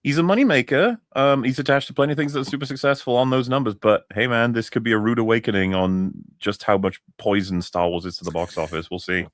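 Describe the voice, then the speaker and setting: A man's voice: mid-range voice, fast talker, hardly any pauses, no room sound. A man co-hosting a casual podcast chat, blunt and sarcastic, swearing and laughing often. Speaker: podcast co-host.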